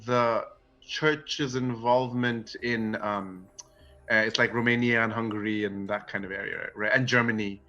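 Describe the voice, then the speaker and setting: A man voicing a spy posing as a priest, speaking in a Midwestern American accent, halting and earnest. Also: lowish voice, steady tone, sharp tone, dull audio, voice pushed down. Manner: halting, full of fillers.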